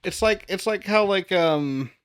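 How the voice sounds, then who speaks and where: Teasing, slow-talking man. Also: sits high, smooth. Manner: teasing, laughing, slips into mock British lines. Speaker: podcast co-host. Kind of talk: casual chat.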